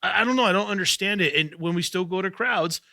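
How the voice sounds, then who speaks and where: A man's voice: high-pitched, fast, pushed and bright, no room sound. A man hosting a wrestling podcast, teasing his co-host in casual banter and laughing often. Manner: boisterous, laughs a lot, teasing.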